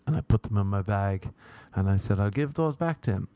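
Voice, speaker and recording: A man's voice: expressive, a little fast, dark tone, dry recording. Rambling, profane Irish man. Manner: rambling, profane, self-mocking, with sudden jumps in pitch. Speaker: podcast host. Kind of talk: solo comedic monologue. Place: Los Angeles.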